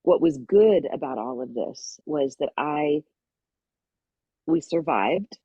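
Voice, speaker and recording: A middle-aged woman guest on a podcast, telling a personal story with lively energy and acting out the voices of people in it. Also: low-pitched, slow, gravelly, husky, dry recording, muffled recording. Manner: lively storyteller who acts out quoted voices.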